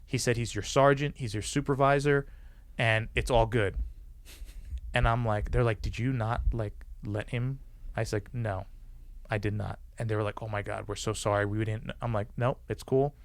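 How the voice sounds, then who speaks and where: A man with a gravelly, creaky voice recounts a story as a podcast guest. He is animated and acts out the people he quotes, with frequent swearing. The sound is dry and close, with no room echo. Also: fairly low pitch, normal speed. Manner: swears freely. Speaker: podcast guest, former police officer. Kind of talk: casual storytelling.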